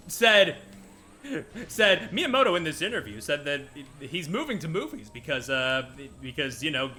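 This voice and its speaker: A man's voice: on the high side, sing-song, slow pace, pushed and bright, faint music behind. A man streaming a video game, ranting casually with lots of laughter and swearing. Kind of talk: casual gameplay stream commentary.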